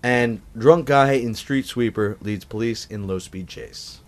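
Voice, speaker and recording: A man's voice: mid-range voice, measured pace. A man hosting a comedy podcast, chatting loosely and crudely with his co-hosts. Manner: loose, profane, laughing. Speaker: podcast host.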